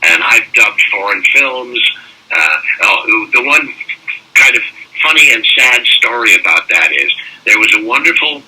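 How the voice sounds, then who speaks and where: An older man, a voice actor, telling animated anecdotes in a casual interview and slipping into mock French-accent bits. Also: lowish voice, a little slow, husky. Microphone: phone call. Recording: distant phone-call audio.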